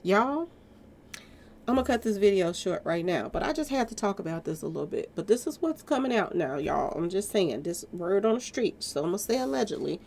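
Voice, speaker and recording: A woman's voice: mid-range voice, big pitch swings, fairly quick, gravelly, darkish tone, slight background noise. A woman giving a casual, emphatic commentary monologue to her viewers, chatty and repeatedly addressing them directly. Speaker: commentary vlogger.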